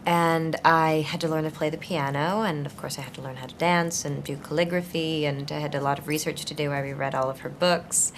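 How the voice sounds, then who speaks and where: A woman's voice: sits low, fairly even intonation, fairly quick, few pauses, noisy background. A young actress in her twenties answering interview questions thoughtfully, searching for words with frequent fillers and restarts. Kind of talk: conversational interview.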